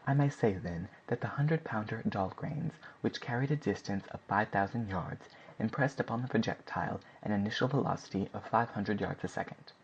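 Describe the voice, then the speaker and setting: A man's voice: fairly low pitch, brisk, a little hiss or hum, natural voice. A man voicing a matter-of-fact male army general who states plain facts. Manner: plain, factual reporting. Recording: dull lo-fi recording.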